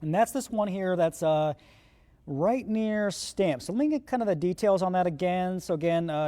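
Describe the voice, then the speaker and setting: A man's high, mellow voice at a moderate pace: he's the chief meteorologist giving live storm coverage, hiccuping as he leads viewers through the radar with conversational urgency.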